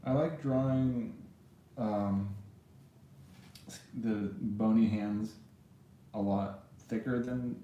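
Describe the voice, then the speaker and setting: A man's voice: fairly low pitch, steady tone, takes it slowly, long pauses, mellow, slight background noise. A man giving rambling, self-deprecating live commentary while he draws, laughing often. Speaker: drawing streamer. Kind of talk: casual live drawing commentary. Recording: very echoey room.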